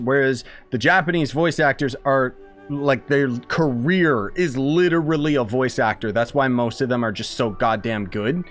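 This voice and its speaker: A man casually commenting as he plays a game, chatty and joking while the game talks. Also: on the high side. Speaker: game streamer.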